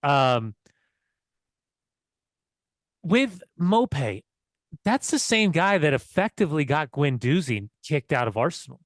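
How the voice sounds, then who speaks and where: A man co-hosting a casual football podcast, telling excited, swearing stories with laughs. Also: a little high, no room sound, clean studio sound. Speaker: podcast co-host.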